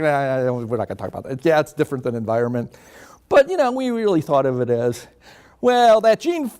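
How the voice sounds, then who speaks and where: An older man lectures a room as a guest psychologist, his voice sitting a little high for a man and swinging widely in pitch. He talks in a loose, conversational way, firing questions at his listeners as he goes. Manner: animated, conversational, asks the audience questions. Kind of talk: lecture to an audience.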